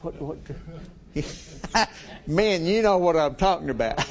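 Slow-speaking folksy male preacher. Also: a little high, animated. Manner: folksy, chuckles often, asks the congregation questions. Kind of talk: conversational sermon.

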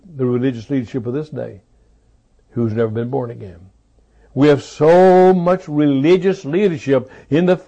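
A man preaching a sermon, repeating key phrases for emphasis and swinging between loud rises and low, quiet drops.

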